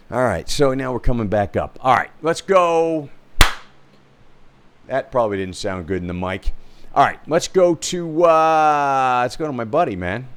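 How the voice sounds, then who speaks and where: Man, host, rambling commentary, casual, mid pitch. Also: expressive, a little slow, clear, resonant tone. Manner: rambling, full of fillers and restarts. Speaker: realtor hosting a commentary stream.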